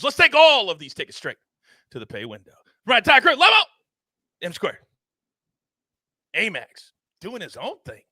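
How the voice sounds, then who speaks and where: A man hosting a sports betting show, animated and theatrical, swinging his voice up and down for emphasis. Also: dry recording, clean studio sound. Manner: animated and theatrical, big swings in pitch and volume. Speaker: host.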